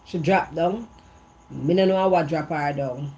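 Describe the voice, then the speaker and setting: A Jamaican woman vlogger with a deep, darkish voice gossips casually in patois, talking a little slowly and repeating herself for emphasis. She's outdoors in an evening breeze, and there's a faint hiss or hum behind her.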